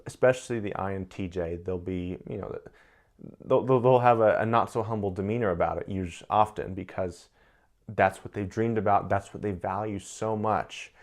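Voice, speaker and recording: A man's voice: fairly low pitch, fairly even intonation, normal speed. A man giving casual, thoughtful commentary on personality types, often repeating words as he searches for the right phrasing.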